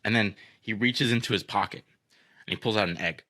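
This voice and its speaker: A man's voice: fairly low pitch, brisk, bright, forceful tone, dry recording, studio quality. A young man hosting a podcast, telling a story in a rambling, profane way, full of fillers. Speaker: podcast host. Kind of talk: casual storytelling chat.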